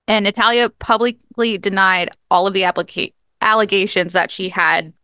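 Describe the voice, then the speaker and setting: A woman's voice: mid-range voice, bright, forceful tone, clean tone, no room sound, clean studio sound. A woman co-hosting a podcast, casually recapping a story, chatty, restarting and apologizing mid-sentence. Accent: regional. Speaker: podcast co-host.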